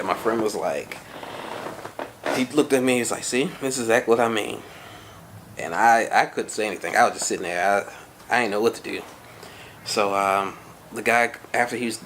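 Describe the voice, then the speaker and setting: A man's voice: on the low side, fairly bright tone, slight background noise. A young man vlogging, telling a personal story in a casual, conversational way and acting out the lines of the people in it. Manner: conversational, many fillers, acts out quoted lines. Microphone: camera-mounted shotgun mic.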